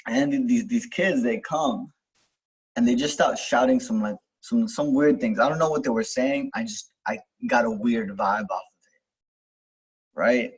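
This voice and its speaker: Young guy telling a story, kinda husky, swears a lot, talks in loops. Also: medium pitch, unhurried, poor audio. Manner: rambling, many fillers and restarts, swears freely. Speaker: self-help video host. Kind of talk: casual storytelling.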